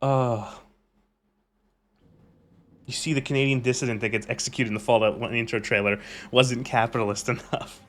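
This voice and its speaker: A man's voice: medium pitch, fairly even intonation, normal speed, long pauses, a bit bright. A man streaming a game, ranting casually with lots of swearing and rambling restarts. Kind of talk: casual live gameplay commentary.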